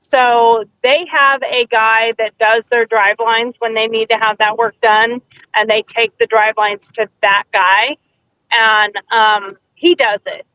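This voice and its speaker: Chatty woman co-host, high voice, dry dull sound, tells stories with quoted bits. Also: steady tone, slow, no echo. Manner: chatty storyteller, acts out quotes. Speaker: podcast co-host. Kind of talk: casual chat.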